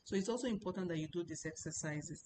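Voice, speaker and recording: A woman's voice: lowish voice, fast talker, a little mellow, slight background noise, poor audio. A woman teaching a language class, repeating words and drilling the tones. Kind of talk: classroom lesson.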